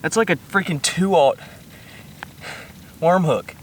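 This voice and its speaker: A man vlogging outdoors by a small pond, shaky and keyed up, full of excited exclamations and coaxing the fish he's landing. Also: on the high side, slow, recorded from a distance, a little hiss or hum, poor audio. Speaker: fishing vlogger. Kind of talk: excited outdoor vlog commentary. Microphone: camera set up nearby.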